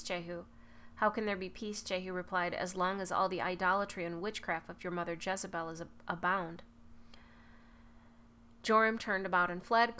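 A woman reading a Bible passage aloud at a measured pace, now and then correcting a slipped word. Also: mid-range voice, sharp tone. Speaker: Bible reader. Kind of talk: scripture reading.

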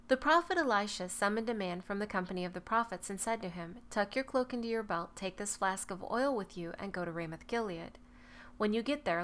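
A woman reading a Bible passage aloud at a measured pace, now and then correcting a slipped word. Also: mid-range voice, fairly bright tone. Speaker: Bible reader. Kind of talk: scripture reading.

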